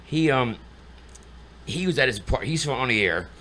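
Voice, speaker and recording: A man's voice: mid-range voice, lively intonation, a little slow, pushed and bright, slight background noise. A middle-aged man, a guest in casual chat, telling rambling stories and acting out what people said. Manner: rambling storyteller acting out quotes.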